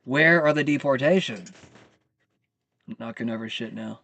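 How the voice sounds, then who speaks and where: A man's voice: medium pitch, normal speed, gravelly, sharp tone. A man hosting his own channel, venting about the news in a heated, profane rant. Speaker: channel host. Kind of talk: live commentary rant.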